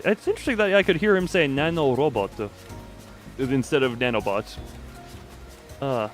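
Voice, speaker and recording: A man's voice: medium pitch, expressive, normal speed, long pauses, soft background music. Rambling male game streamer. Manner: rambling, self-mocking, reads lines aloud. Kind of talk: casual game commentary.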